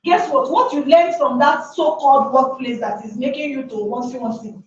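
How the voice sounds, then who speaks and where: High, emphatic woman speaker. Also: moderate pace, a little hiss or hum. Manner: emphatic, with many rhetorical questions. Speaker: workshop speaker. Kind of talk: motivational talk to a live audience. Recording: echoey room from far off, dull sound.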